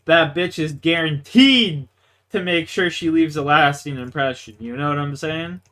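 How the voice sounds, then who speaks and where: Young male streamer, higher voice, bright and forceful, crude boastful rambler. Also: normal speed. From Canada. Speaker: gaming livestreamer. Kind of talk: casual storytelling chat.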